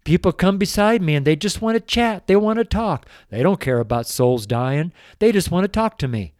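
A man's voice: high voice, expressive, a little mellow, no room sound, clean studio sound. An older man, a street preacher, giving an earnest, pleading sermon on a show, tearful and emotional. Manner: slow, earnest, pleading, with drawn-out emphasis.

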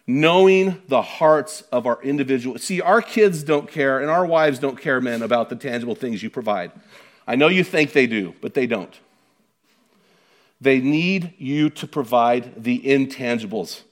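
A man's voice: mid-range voice, lively intonation, a little slow. A middle-aged man preaching a sermon, emphatic and conversational, with frequent rhetorical questions to the congregation. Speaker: pastor.

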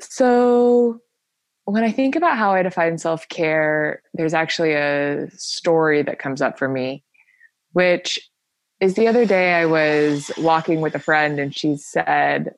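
A woman with a fairly low voice speaks as an interview guest, earnest and animated as she tells a personal story. The sound is close and dry, with no room around it. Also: a little slow, no room sound. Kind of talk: conversational interview.

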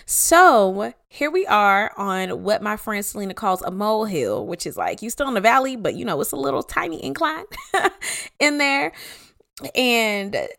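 A woman's voice: medium pitch, big pitch swings, a little slow, vocal fry, a bit bright. A young adult woman hosting a casual faith talk, speaking in a candid, conversational way with casual slang. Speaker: podcast host.

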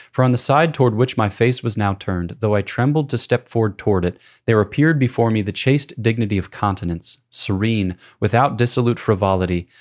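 A priest reading a spiritual classic aloud in a measured, solemn way. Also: male voice, fairly low pitch, a little mellow.

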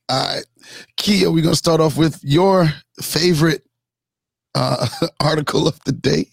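A man hosting a casual morning show podcast, energetic and sing-song as he hypes up his co-hosts. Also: a little high, slow, creaky, long pauses, breathy edge, no echo.

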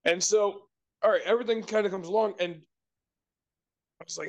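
A man with a high, light voice tells a story in loose, rambling fashion. He restarts sentences, swears casually and talks like he's among friends on a casual podcast. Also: fairly even intonation, normal speed, long pauses, lo-fi sound. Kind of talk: casual chat.

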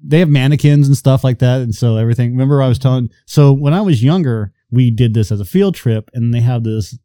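A man's voice: medium pitch, brisk, dark tone, no echo, studio quality. A man hosting a podcast, talking casually and crudely and telling stories. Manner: crude, storytelling banter. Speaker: podcast host.

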